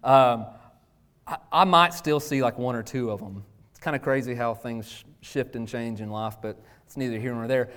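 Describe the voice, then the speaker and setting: A man's voice: mid-range voice, normal speed, a bit bright. A man, preaching a sermon with emphatic rhetorical questions and casual asides. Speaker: pastor.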